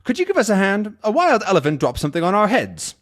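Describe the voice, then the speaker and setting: A pair of dim, fussy comic-book detectives acted by a man plead for help in a high, hurried voice. The delivery bounces all over the pitch range. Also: wildly swooping pitch. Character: two bumbling male detectives, dim and fussy.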